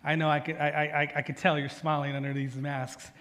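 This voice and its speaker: A man's voice: on the high side, flat delivery, fairly quick, fairly bright tone. A man preaching a sermon as pastor in a church with a congregation present, speaking earnestly and conversationally with fillers and emphatic repetition. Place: church sanctuary with people present. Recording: long reverb of a church hall.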